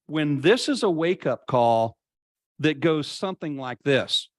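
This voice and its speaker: A man guest in an interview, telling a personal story in an earnest, reflective way and slowing down to stress key points. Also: fairly high pitch, animated, no room sound, studio quality. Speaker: podcast guest.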